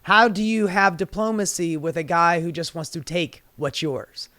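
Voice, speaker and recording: Sarcastic high-voiced male commentator. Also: fairly even intonation, normal speed, sharp tone, dry recording. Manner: sarcastic, profane. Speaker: political commentator. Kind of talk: commentary video.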